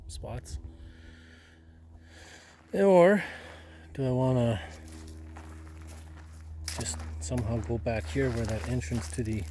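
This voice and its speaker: A young man chatting casually to the camera while camping outdoors by a marsh, rambling in a relaxed way with quiet offhand asides to himself. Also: medium pitch, a little hiss or hum. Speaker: solo camping vlogger. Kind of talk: casual outdoor vlog commentary.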